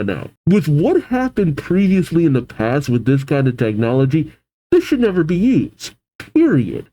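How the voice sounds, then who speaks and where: Chill guy thinking out loud about a comic, warm low tone. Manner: musing, chatty, thinking aloud. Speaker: manga reaction host. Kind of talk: casual reaction and read-aloud.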